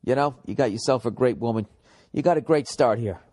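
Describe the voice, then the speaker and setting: A man's voice: mid-range voice, a little fast, darkish tone. Blunt, profane comedian man. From United States. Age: middle-aged. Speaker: podcast host. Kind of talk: comedic podcast monologue.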